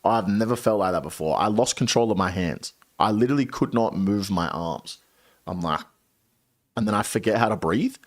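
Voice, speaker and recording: A man in his late twenties, a streamer telling a story to his chat in a casual, animated way, swearing often. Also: on the low side, normal speed. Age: 20s. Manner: animated, swearing a lot, dramatic retelling.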